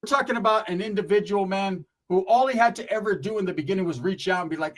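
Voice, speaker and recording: High-voiced blunt ranting man. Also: fast, few pauses, low-quality recording. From Northern California. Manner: blunt, profane, repeats "right?" and "bro". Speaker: YouTuber. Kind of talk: livestream rant.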